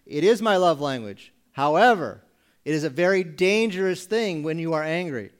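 A man delivering a sermon in a slightly higher voice. He asks the room pointed rhetorical questions and leaves pauses between them. Now and then he briefly takes on other people's voices to make a point. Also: lively intonation, smooth. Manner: acts out congregation voices mockingly. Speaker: pastor.

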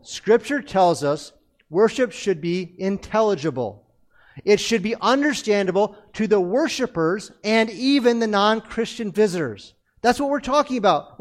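A man with a high, light voice delivers a sermon from the front of a church. He preaches earnestly, pressing each point home with repeated phrases. His tone stays direct and emphatic as he guides the congregation through scripture. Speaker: pastor. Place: church sanctuary.

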